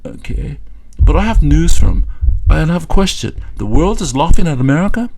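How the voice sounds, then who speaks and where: A man giving mocking satirical commentary in a scornful, stop-start way, with many fillers and pauses. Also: a little high, animated, warm tone. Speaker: political commentator.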